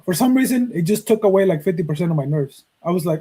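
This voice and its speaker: A man in his thirties, originally from Mexico, hosting a podcast and telling a personal story in a casual, profane, animated way. He acts out the dialogue he quotes. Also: high voice, fast talker, slightly rough, rough recording. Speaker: podcast host.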